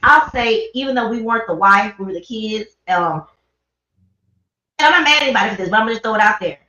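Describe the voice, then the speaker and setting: Expressive and quick, this woman's slightly high voice has a sharp tone as she hosts a livestream. She rambles earnestly and conversationally about grief in a casual, personal talk, captured on a livestream mic with dull, roomy sound.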